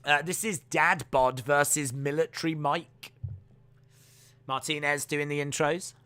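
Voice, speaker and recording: A man hosting a live fight watch-along, giving steady play-by-play full of filler "uh"s. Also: a little high, unhurried, smooth. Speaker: live stream host and commentator. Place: home streaming setup.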